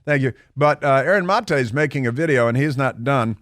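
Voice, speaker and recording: A man's voice: mid-range voice, brisk, fairly bright tone, no echo. A man hosting a talk radio show, delivering a combative, sarcastic monologue full of mocking rhetorical questions from a radio studio. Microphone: studio microphone.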